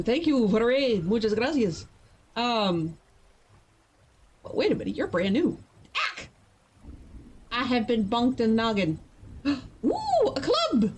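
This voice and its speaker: Very animated despite being tired, a woman with a rather high voice jokes around with her live-stream viewers as she sets up to write. She chats easily and laughs quickly.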